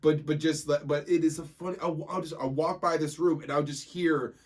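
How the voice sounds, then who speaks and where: Teasing young podcast host. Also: male voice, a little high, steady tone, fairly quick. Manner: laughs a lot, swears casually, teasing. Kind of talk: casual chat.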